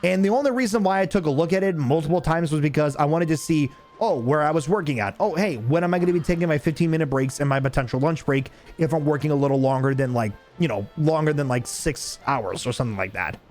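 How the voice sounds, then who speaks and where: A man's voice: a little high, quick pace, hardly any pauses, a little mellow, soft background music. A young man streaming a game, telling a rambling, profane story in a casual chat.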